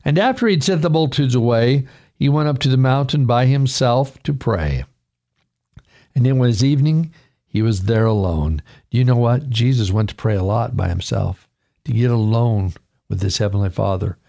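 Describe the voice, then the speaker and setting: A male pastor giving a radio devotional sermon, retelling a scripture story with expressive preaching and dramatic swings in his voice. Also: mid-range voice, moderate pace, creaky.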